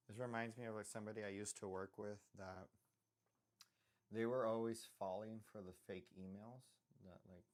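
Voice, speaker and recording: A young man with a low-pitched voice chats on a livestream while he draws. He rambles from one joke to the next, cuts himself off and apologizes often, all in a relaxed streamer tone. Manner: self-interrupting, joking asides and frequent apologies. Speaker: live-drawing streamer.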